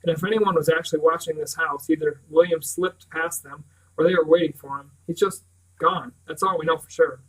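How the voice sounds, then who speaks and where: A man reading aloud, voicing a steady, plain-spoken young man in a level way. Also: fairly high pitch, fairly quick, husky, far from the mic, rough recording.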